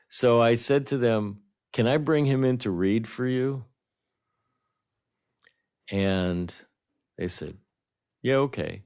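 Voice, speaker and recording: A man, a guest film director, telling anecdotes in a lively way and acting out the lines of the people in them. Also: mid-range voice, slow pace, long pauses. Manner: animated storyteller, acts out dialogue. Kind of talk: anecdotal storytelling.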